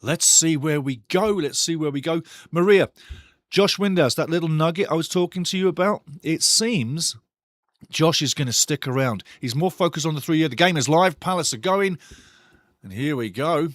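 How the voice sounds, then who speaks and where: A man's voice: a little high, animated, moderate pace, dry recording, clean studio sound. A man hosting a live football watch-along, rambling and chatty as he talks straight to his viewers. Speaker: host.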